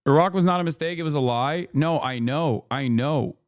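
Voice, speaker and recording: A man's voice: on the high side, moderate pace, dry recording, studio quality. A man streaming, giving blunt, heated political commentary in a casual way with plenty of swearing.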